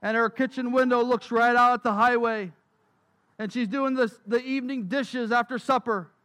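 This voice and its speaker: Male preacher telling stories in a sermon, very high bright voice, hammers phrases home. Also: steady tone, normal speed. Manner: emphatic, with repeated phrases. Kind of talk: sermon storytelling.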